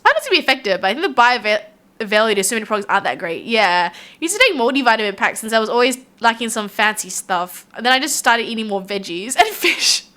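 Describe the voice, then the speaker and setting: An Australian woman chatting with her viewers in a live stream, rambling loosely from thought to thought and laughing often. Her voice sits high and bright, and it swings up and down with lots of life. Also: big pitch swings, fast talker. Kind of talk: casual chat with viewers.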